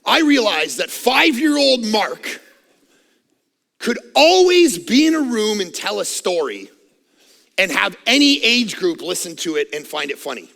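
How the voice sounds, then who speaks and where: At a measured pace, a middle-aged pastor preaches a loud, high-energy sermon full of self-mocking humor. His high voice is rough and gritty yet bright and forceful, picked up by a headset mic in a long, echoing church auditorium.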